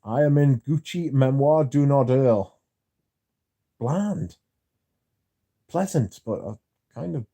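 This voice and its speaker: A man's voice: medium pitch, takes it slowly, long pauses, warm tone, no room sound. A man hosting a casual livestream, reading viewer comments aloud and answering them with dry, sardonic banter. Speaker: livestream host.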